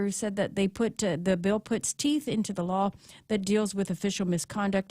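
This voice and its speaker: A woman reading the news headlines on a morning show, in a steady, matter-of-fact way with a few fillers. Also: medium pitch, no echo, studio quality. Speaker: news reader.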